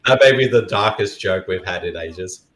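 A man's voice: deep voice, a crowd in the background. A man co-hosting a movie podcast, chatting casually with wry jokes and frequent chuckles. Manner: chuckling, wry, quick to laugh. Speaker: podcast co-host. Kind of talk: casual movie commentary chat.

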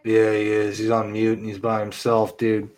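A man's voice: fairly low pitch, completely flat delivery, normal speed, darkish tone. A young man in casual chat with friends, swearing loosely and laughing often. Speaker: gamer chatting with friends.

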